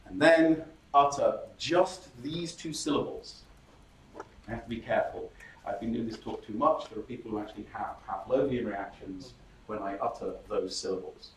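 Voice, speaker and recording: A man presenting a startup workshop, lively and chatty, acting out audience members with laughing asides. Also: mid-range voice, normal speed, slight background noise. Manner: animated, acts out audience reactions with laughing asides. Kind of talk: presentation skills workshop talk. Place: workshop room. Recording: roomy echo from a distant mic.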